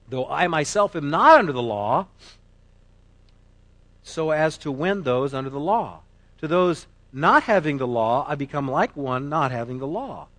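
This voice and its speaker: A man preaching a sermon, emphatic, moving between loud declarations and quiet asides. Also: a little high, no room sound. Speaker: pastor.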